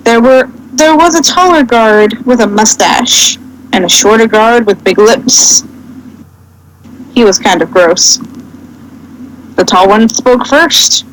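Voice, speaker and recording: A woman's voice: fairly high pitch, slow, pauses often, a little hiss or hum, rough recording. Woman, co-host, casual read-aloud, stumbles, self-corrects, comedic. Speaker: co-host reading a fanfic aloud.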